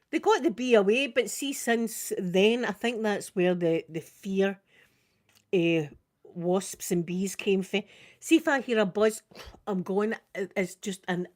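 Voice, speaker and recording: In an unhurried, mid-range voice, an older Scottish makeup vlogger shares stories casually during a live stream. She's animated, dramatizing screams and quotes as she goes.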